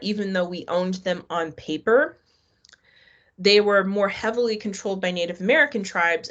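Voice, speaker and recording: A middle-aged woman teaches a live online history class in a conversational way, putting questions to her students. Her voice sits on the low side and has a fairly bright tone.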